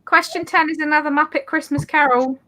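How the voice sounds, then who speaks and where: A woman hosting a casual party quiz, reading each question slowly and carefully and laughing at her own slips. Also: high voice, steady tone, bright, forceful tone. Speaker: quiz host.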